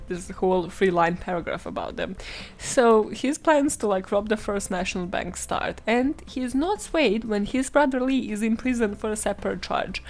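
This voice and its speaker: A woman hosting a solo podcast, telling a crime story with sarcastic, swearing asides. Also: medium pitch. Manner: animated, swearing, sarcastic asides, frequent laughs. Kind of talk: comedic true-crime monologue.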